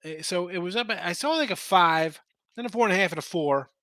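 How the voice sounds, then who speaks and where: With a high-pitched, slightly fast delivery and a sharp tone, this male host runs a live sports betting broadcast. He's tired, his voice is going, and he talks loosely about point spreads while answering chat viewers, recorded with no room sound.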